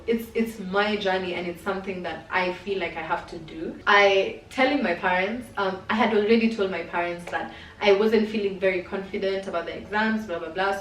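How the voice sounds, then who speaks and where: A woman's voice: mid-range voice, recorded from a distance, slight background noise. Young woman vlogger, candid and chatty. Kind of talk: personal storytelling to camera. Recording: roomy sound from off-mic, faint music.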